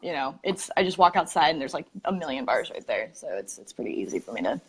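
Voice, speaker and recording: A woman's voice: sits low, sing-song, quick pace, breathy edge. A woman in her twenties from Arizona, a podcast guest talking in a loose, chatty way, laughing often and wandering off topic, heard through earbuds on a call. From Arizona, USA. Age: 20s. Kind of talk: casual chat.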